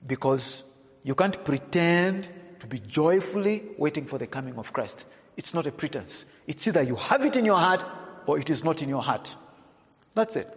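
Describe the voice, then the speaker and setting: Pastor preaching in a reverberant hall. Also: male voice, expressive, moderate pace. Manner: swings between hushed, low passages and raised, emphatic preaching. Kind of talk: sermon. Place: church hall.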